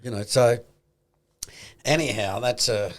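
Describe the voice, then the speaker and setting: An Australian man hosting an investing podcast in casual chat, animated, acting out quoted voices and swearing freely. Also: mid-range voice, slow. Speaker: podcast host.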